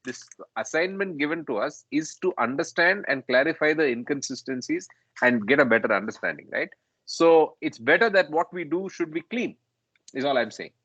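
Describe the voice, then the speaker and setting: A man, reasoning calmly in a group discussion and ending points with "right?". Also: on the high side, moderate pace, slightly rough, dry recording, rough recording. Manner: conciliatory, ends points with "right?". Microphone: video call.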